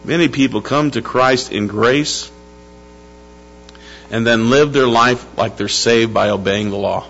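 A man preaching a sermon to his church, emphatic, slowing down to stress key words and calling out to the congregation. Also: mid-range voice, gravelly, fairly bright tone. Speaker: pastor. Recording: dull lo-fi sound with faint music and hum.

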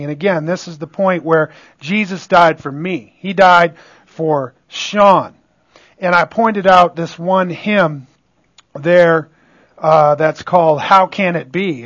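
A man preaches a sermon in a high voice and an unhurried, deliberate pace, pressing his points and then dropping to quiet asides. He keeps checking in with the room. The sound is dry and slightly muffled. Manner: call-and-response, asks "are you with me?"; emphatic, swings between loud stresses and quiet asides. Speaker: pastor.

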